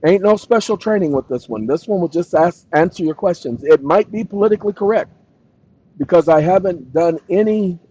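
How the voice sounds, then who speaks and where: This channel host has a high, animated voice with a warm tone and a breathy edge. Reading aloud from a screen slowly and deliberately, dictating the punctuation, he jokes loosely and trails off in casual solo talk. The recording is dry, close and a little dull, with no room sound.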